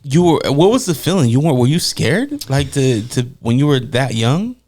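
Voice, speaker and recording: A man's voice: mid-range voice, sing-song, moderate pace, a little mellow. A man hosting a podcast, asking questions in an easygoing way and joking along with his guest. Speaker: podcast host. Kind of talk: casual interview chat.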